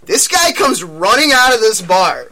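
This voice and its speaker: Over crowd noise, a young man with a high voice tells friends a wild night-out story at a measured pace. He is an animated storyteller who swears, laughs often, and acts out what people said.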